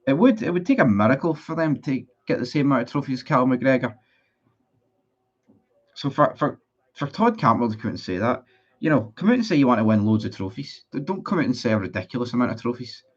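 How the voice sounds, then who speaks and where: A man's voice: mid-range voice, lively intonation, quick pace, highs cut off. A man in a casual livestream, reading out viewer comments and answering them in a blunt, sweary, sarcastic way. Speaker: football fan streamer.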